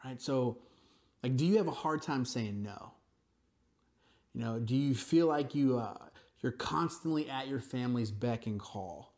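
A man preaching a sermon, telling stories in a relaxed, conversational way with frequent asides to the congregation. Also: medium pitch, unhurried. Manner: conversational storytelling with frequent "right?" and "you know". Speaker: pastor.

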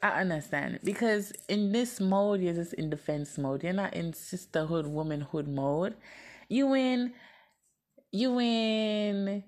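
A woman's voice: fairly low pitch, normal speed, few pauses, a little mellow. A woman venting to the camera in a casual, blunt and profane way, often repeating herself and laughing.

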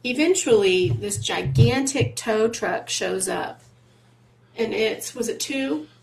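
A woman's voice: on the high side, expressive, slow pace, vocal fry, noisy background. A woman from Missouri, co-hosting a podcast, recalling a road trip in casual chat and filling in details. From Missouri, USA. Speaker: podcast co-host.

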